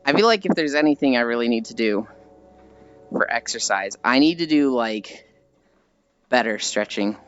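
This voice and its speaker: A woman's voice: rumbling low, dull audio. A woman streamer chatting casually and rambling with frequent giggles while she walks. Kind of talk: casual chat while walking.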